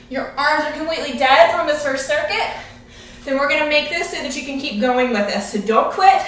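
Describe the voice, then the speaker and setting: Breathless, high-voiced woman fitness coach. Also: fairly bright tone. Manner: encouraging, coaching while exercising. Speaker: fitness instructor. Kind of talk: live workout coaching. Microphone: camera at a distance. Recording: very echoey room, camera at a distance.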